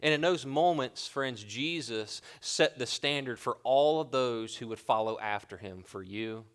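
A man's voice: mid-range voice, a little slow, a bit bright, clear, resonant tone. A man pastor preaching a sermon in an earnest, conversational way with colloquial asides.

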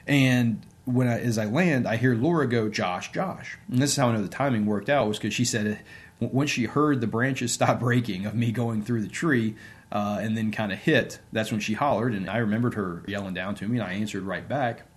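A man's voice: fairly low pitch, a little fast. A man, an interview guest and sports coach, telling a personal story in a casual, conversational way with many fillers.

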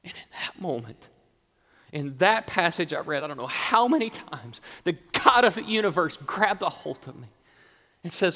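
A man preaching a sermon, swinging between loud exclamations and hushed, near-whispered lines. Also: on the high side, sing-song, normal speed. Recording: long hall reverb.

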